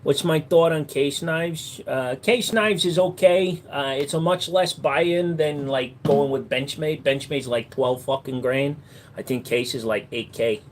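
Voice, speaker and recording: A man's voice: a little high, unhurried, slight background noise. A man hosting a casual livestream, answering chat with crude, profane, mocking banter. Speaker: livestream host.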